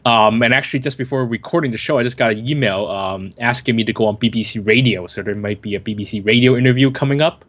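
A man's voice: mid-range voice, fast, few pauses, fairly bright tone. An American man chats on a film podcast in a loose, easygoing way. He stops and restarts his sentences, fills gaps with ums and uhs, and keeps a light, self-amused tone. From United States. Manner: chatty, self-amused, many fillers and restarts. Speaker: co-host and film journalist. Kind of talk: casual podcast chat.

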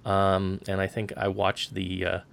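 A man co-hosting a podcast chats casually in a low, creaky voice at a slightly slow pace. Relaxed, he rambles and uses many fillers.

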